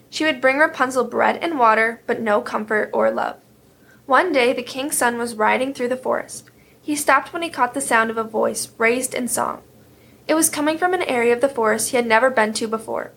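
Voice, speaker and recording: A woman telling a fairy tale in a steady, clear storybook manner. Her voice sits somewhat high with a gravelly texture. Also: slight background noise. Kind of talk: storybook reading.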